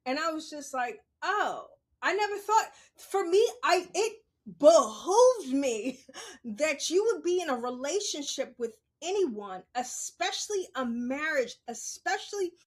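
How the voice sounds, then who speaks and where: A woman telling a personal story on a podcast in a casual, animated way, swearing freely and laughing as she goes. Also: high voice. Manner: animated, profane, laughs while she talks.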